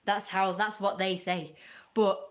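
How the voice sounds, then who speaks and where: A woman's voice: medium pitch, little pitch movement, unhurried, a bit bright. Exasperated British woman ranting. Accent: British English. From Britain. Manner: passionate, exasperated, blunt. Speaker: YouTuber. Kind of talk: casual rant to camera.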